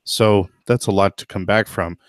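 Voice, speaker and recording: A man's voice: lowish voice, steady tone, moderate pace, no echo, clean studio sound. A man hosting a podcast in casual chat, thoughtful and hedging, with lots of fillers and restarts. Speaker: podcast host.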